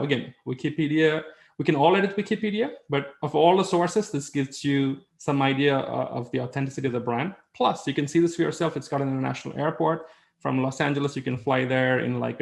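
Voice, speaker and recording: A man's voice: medium pitch, brisk, creaky. A man presenting a webinar in a conversational way, with fillers and rhetorical questions.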